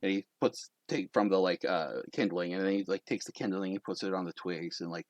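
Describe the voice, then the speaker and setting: A man's voice: low voice, a little fast, darkish tone, no echo. A young man narrating a tabletop game as game master, in a casual, rambling way full of fillers.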